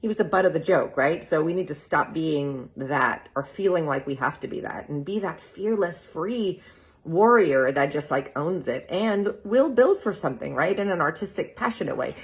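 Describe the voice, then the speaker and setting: A tarot reader with a deep, husky, expressive voice chats her way through a casual reading at normal speed, full of "like," "right?" and frequent laughter. The enthusiastic video was made for a real estate group's social media.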